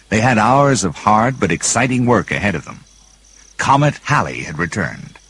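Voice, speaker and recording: A man reading a children's storybook aloud as narrator, expressive and building with the action. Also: fairly low pitch, breathy edge, poor audio. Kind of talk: storybook read-along narration.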